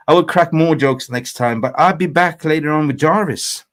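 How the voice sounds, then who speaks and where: A man hosting a football fan channel livestream, chatting casually, rambling with animated swings and laughing at his own jokes. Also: a little high, normal speed.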